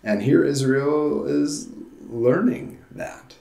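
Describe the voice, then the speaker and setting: A man delivers a sermon in a conversational, earnest way, often restarting his phrases as he works through a thought. His voice sits at an ordinary middle pitch for a man. The sound carries a roomy echo, as from a church sanctuary. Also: expressive, takes it slowly, gravelly, dark tone. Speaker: pastor.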